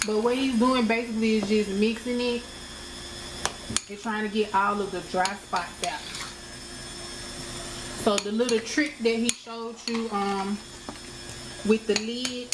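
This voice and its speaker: A woman's voice: fairly high pitch, steady tone, a little slow, pauses often. An American woman chatting casually to her viewers as she cooks at home, often calling them y'all. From United States. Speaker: cooking vlogger. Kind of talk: casual cooking vlog. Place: home kitchen. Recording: echoey kitchen with background noise.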